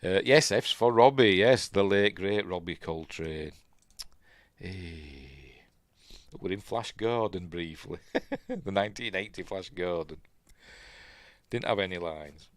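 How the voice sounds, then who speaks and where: A man's voice: sits low, slow pace, pauses often, no echo. A man with a Yorkshire accent hosting a casual live-stream news chat, rambling into asides and chuckling to himself.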